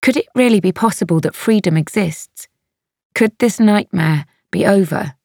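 A woman narrating an audiobook in a measured, even storytelling manner, recorded close to a studio mic. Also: medium pitch, no echo. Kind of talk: scripted narration.

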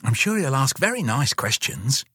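Man doing a worried mum, hurried, storybook, lively pitch. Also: husky, dry recording, clean studio sound, heavily acted. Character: anxious mother, eager to please.

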